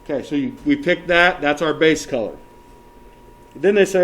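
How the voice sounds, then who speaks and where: A man's voice: a little high, moderate pace, a bit bright, dull audio. Male teacher walking a class through steps. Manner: checks in often with the class, counts options aloud. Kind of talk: classroom software tutorial.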